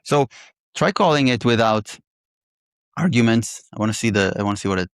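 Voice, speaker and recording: A man's voice: mid-range voice, lively intonation, clean tone, dry recording. Man thinking aloud in dry audio. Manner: thinking aloud, halting restarts. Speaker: programmer pairing on code. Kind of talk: casual technical chat.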